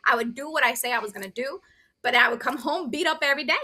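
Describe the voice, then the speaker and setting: Woman, interview guest, high voice, bright tone, animated storytelling. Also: quick pace. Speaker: business owner and guest. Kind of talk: casual interview chat.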